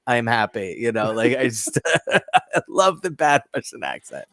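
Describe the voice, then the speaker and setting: Lively man chatting about movies. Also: mid-range voice, moderate pace, dry recording. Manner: lively, stumbling restarts, chuckles. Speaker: podcast co-host. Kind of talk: casual movie review chat.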